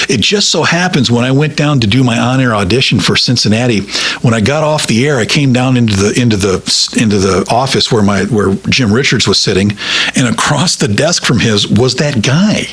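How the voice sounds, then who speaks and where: A middle-aged man, a radio broadcaster, telling stories from his career in a casual interview, rambling with many halting restarts. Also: mid-range voice, expressive, fairly bright tone, slightly rough.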